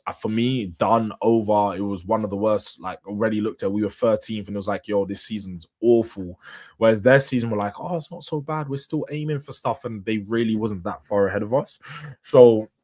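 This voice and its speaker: A young man, hosting a casual late-night football live stream, slangy and animated, laughing as he reads viewer comments. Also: fairly low pitch. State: tired, yawning late at night. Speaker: host.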